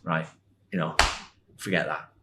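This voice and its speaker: A man in his sixties, a former footballer, telling animated anecdotes as a podcast guest and laughing as he goes. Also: very deep voice, unhurried, background noise. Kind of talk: anecdotal storytelling.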